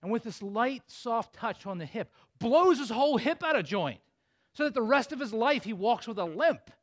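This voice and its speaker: A man preaching a sermon, retelling a story with lively asides to his congregation. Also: very high voice, moderate pace. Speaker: pastor.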